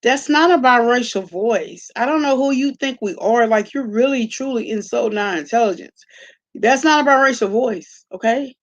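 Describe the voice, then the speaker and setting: A sassy live-stream host gives casual, blunt commentary, talking straight to her chat. Her voice is on the high side at a moderate pace, and the recording has its highs cut off.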